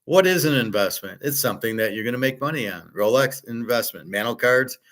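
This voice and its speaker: A man's voice: mid-range voice, animated, a little fast, a bit bright. A middle-aged man lecturing a class in a blunt, rambling way, swearing freely and often restarting his sentences. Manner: many restarts and repeated words. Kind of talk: casual lecture.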